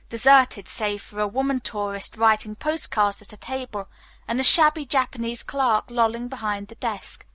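A woman narrating an audiobook in a steady, clear storytelling manner. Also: on the high side, dry recording. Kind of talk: scripted narration.

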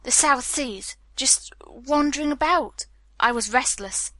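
Woman reading a stubborn calm englishman, clipped guarded answers, bright tone. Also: high-pitched, slow pace, dry recording, heavily acted.

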